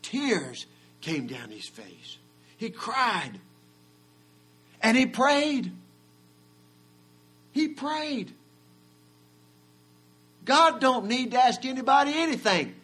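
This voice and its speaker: A high-pitched man preaching, swelling to shouted climaxes and falling back to a low, hushed delivery. A faint electrical hum sits under the recording. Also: big pitch swings, drawn-out words, pauses often, slightly rough. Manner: swelling to a shout at peaks, then dropping low. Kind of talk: sermon. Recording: mains hum in the background.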